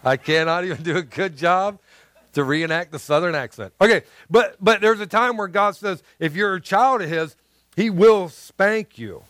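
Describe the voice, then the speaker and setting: A man from the American South preaching earnestly. His voice sits somewhat high, and he often restarts on repeated words as he works through a point. The sound is dry and close, with no room around it. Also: normal speed, a bit bright, dry recording. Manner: earnest, repeats words, addresses the crowd as guys. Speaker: pastor. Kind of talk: sermon.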